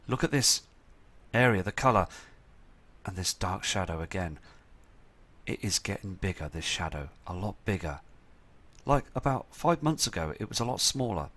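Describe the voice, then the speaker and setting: Male host with a somewhat low voice, urgent and earnest, talking over viewer photos. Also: a bit bright. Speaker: channel host.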